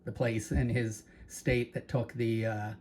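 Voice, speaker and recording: A man's voice: medium pitch, little pitch movement, measured pace, a little mellow, slight background noise. A man with a Canadian accent, hosting his own channel, talks casually and rambles, repeating words and turning to his viewers with asides. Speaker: channel host. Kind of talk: casual talk to camera.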